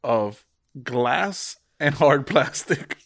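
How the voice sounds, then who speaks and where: A man's voice: medium pitch, extremely slow, creaky. A young man co-hosting a podcast, chatting casually with sarcastic jokes. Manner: joking, animated, sarcastic. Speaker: podcast co-host. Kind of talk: casual chat.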